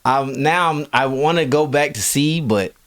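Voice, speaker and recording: A man's voice: medium pitch, unhurried, a crowd in the background. A man co-hosting a podcast, easygoing and laughing often as he chats casually. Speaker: podcast co-host. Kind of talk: casual chat.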